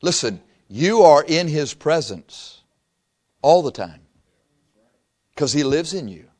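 Dramatic preacher swinging loud to hushed. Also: male voice, fairly high pitch, lively intonation, slow pace. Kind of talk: sermon.

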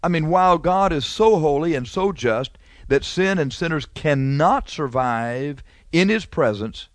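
A man preaching a fiery sermon, scolding and emphatic, rushing through some lines and slowing hard on others. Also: a little high, lively intonation, no room sound, clean studio sound. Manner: emphatic, scolding, swings from rapid to slow.

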